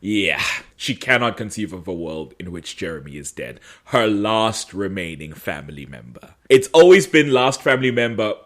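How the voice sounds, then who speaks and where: A man co-hosts a casual podcast, recapping a TV episode with dramatic flair. His pitch leaps around expressively as he tells the story. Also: normal speed. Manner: animated storyteller, acts out quotes dramatically. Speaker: podcast co-host. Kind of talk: casual chat recapping a TV show.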